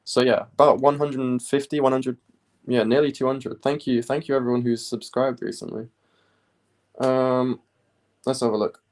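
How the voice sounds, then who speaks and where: A young man from the UK chatting casually on a study live stream, rambling with many pauses and fillers. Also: mid-range voice. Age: young adult. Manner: relaxed, rambling, many ums.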